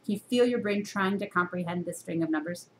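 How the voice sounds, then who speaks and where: A woman teaching a university reading course in a recorded lecture to a camera, asking her students many questions and jumping up in pitch to stress her points. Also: fairly quick, slight background noise. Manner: teacherly, full of rhetorical questions; expressive jumps in pitch for emphasis.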